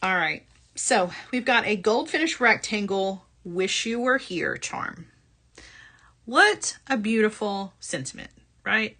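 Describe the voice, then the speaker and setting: A woman's voice: on the high side, a bit bright. A woman hosting a live jewelry-supply sales show, chatting upbeat and often tagging her sentences with "right?". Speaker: host of a live shopping show.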